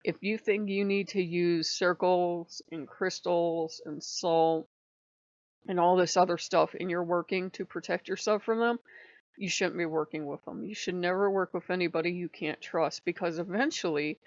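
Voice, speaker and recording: A woman's voice: lowish voice, moderate pace, dry recording. A woman hosting her own channel, telling a long casual story in a rambling way and laughing often between lines. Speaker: channel host. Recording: dull lo-fi dry recording.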